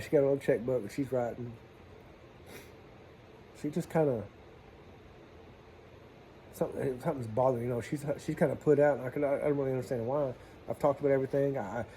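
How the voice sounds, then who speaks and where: In a casual storytelling vlog, a plumber spins folksy, chatty yarns in southern-style slang and acts out the dialogue. His mid-range voice is mellow, with slight background noise.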